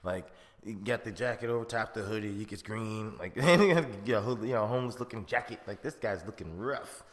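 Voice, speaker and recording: A man's voice: lowish voice, moderate pace, big-room sound. A man hosting a podcast, reviewing a film in a rambling, profane, slangy way with frequent laughs. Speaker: podcast host. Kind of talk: casual film review chat.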